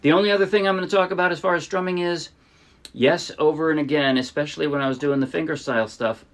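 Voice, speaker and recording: A middle-aged man from the New Jersey area teaching ukulele in a relaxed way, often restarting his sentences and singing short demo lines. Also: a little high, fast. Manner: relaxed, explains with restarts and sung demos. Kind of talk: casual music tutorial. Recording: ukulele playing behind.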